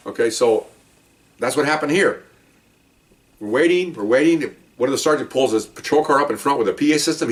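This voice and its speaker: A man, a former police officer, telling a story in a casual, animated way and acting out the people in it. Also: medium pitch, recorded from a distance. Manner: animated, acts out quotes with rising voice.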